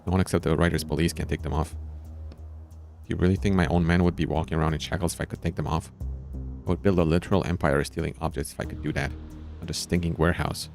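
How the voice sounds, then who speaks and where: Guy reading out a smug crime boss in a story game, really low gravelly voice, mocking and slippery, music under it. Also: level tone, fast, darkish tone. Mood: scornful. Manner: mocking, evasive. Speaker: villain in a narrative game.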